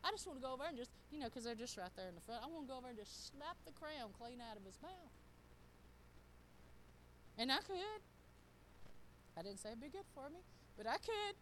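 Folksy woman preaching, lively high voice. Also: brisk, long pauses, slight background noise, rough recording. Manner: folksy, joking, talks straight to the congregation. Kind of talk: informal sermon. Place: church.

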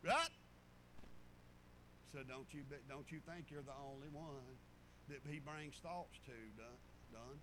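A man's voice: a little high, expressive, measured pace, pauses often, background noise. A man preaching a sermon, folksy and storytelling, repeating phrases for emphasis. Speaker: pastor.

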